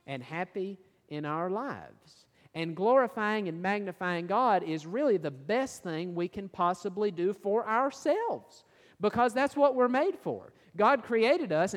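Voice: medium pitch, long reverb tail. A preacher giving a sermon, asking the listeners questions and reading and explaining scripture verses. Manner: asks the listeners rhetorical questions.

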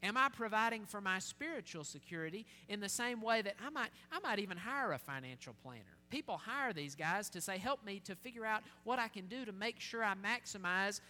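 A man delivers a sermon in a high, bright voice, circling back to earnest rhetorical questions. His voice rings out with a long hall reverb, and a faint hum sits underneath. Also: lively intonation, brisk, hardly any pauses. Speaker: preacher.

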